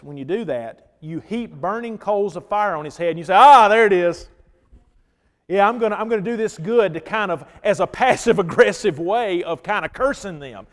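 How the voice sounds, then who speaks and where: A man preaching a sermon as pastor, telling stories and swinging between loud emphatic lines and hushed ones. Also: sits high, long reverb tail.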